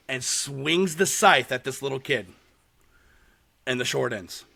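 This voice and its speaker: A man hosting a podcast, telling a story in casual chat with animated delivery and lots of swearing. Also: medium pitch, measured pace, vocal fry, husky. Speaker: podcast host. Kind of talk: casual chat recapping a horror short.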